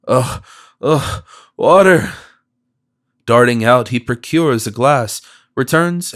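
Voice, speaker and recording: A man narrating a classic novel as an audiobook in a measured, expressive reading voice. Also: medium pitch.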